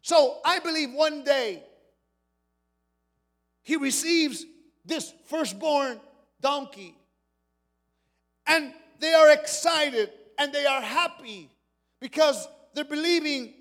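A male pastor delivers a sermon in a notably high voice, telling the story with dramatic swings. His voice rings out with a long reverb, as if in a big hall. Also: slow pace, long pauses, a bit bright. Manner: dramatic storytelling, voicing characters.

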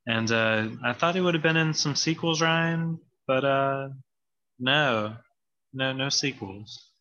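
A man's voice: mid-range voice, slow pace, bright, forceful tone, muffled recording. A man co-hosting a comedy podcast, playful and giggly, with lots of ums and uhs. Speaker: podcast co-host. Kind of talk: casual comedy banter.

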